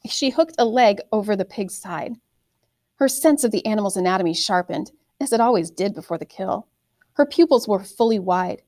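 A woman narrating a fantasy novel in a steady, measured storytelling manner. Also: medium pitch, no room sound. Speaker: audiobook narrator.

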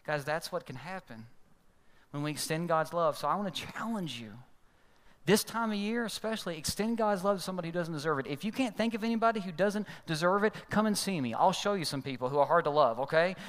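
A man's voice: expressive, fast, fairly bright tone. A man preaching a sermon as pastor, telling a story and acting out the people in it with sudden changes of voice. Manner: storytelling, acts out quoted voices with big pitch jumps. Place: large church hall. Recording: long hall reverb.

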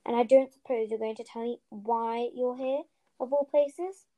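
A woman's voice: fairly high pitch, steady tone, normal speed, dark tone, lightly acted. A woman reading a storybook aloud, voicing a distraught, stern elderly female witch professor with urgent, emphatic delivery. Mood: indignant. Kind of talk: storybook reading with character voices.

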